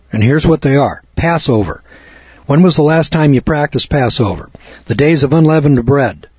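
Husky guy preaching, sarcastic and folksy, dry dull lo-fi sound. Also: mid-range voice, a little mellow, dry recording. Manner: blunt, sardonic, folksy. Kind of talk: blunt fire-and-brimstone sermon. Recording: dull lo-fi recording.

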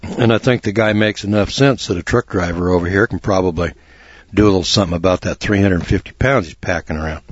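A man's voice: deep voice, quick pace, slightly rough, no echo, dull audio. A man hosting a talk radio show, rambling in a folksy, blunt way with lots of fillers and restarts.

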